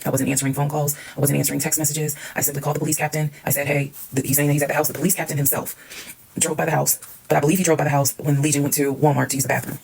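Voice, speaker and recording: A woman's voice: low voice, level tone, rapid-fire, creaky, a little mellow, a little hiss or hum, poor audio. A woman telling a personal story in a casual storytime monologue, candid and emphatic, swearing freely.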